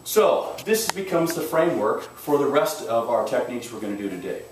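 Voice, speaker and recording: A male self-defense instructor teaches a class in an emphatic, direct way, his mid-range voice swinging widely in pitch at a moderate pace. He's recorded from a distance in a very echoey room, with faint noise under the audio.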